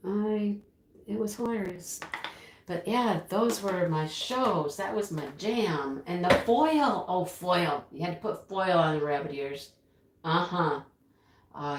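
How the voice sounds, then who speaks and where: A woman in her sixties hosts a live stream, reading viewer comments, reminiscing, laughing often, and breaking into bits of song. Her voice is mid-range and the sound is roomy.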